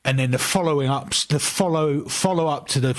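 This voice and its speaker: A man's voice: a little high, brisk. A man co-hosting a casual podcast review, often restarting his sentences. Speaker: podcast co-host.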